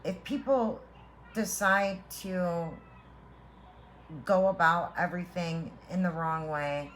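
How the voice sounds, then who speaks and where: Slow, earnest woman giving a spiritual reading. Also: on the low side, fairly even intonation, fairly bright tone, a little hiss or hum. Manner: earnest, heartfelt, reassuring; halting with repeated restarts. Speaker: tarot reader.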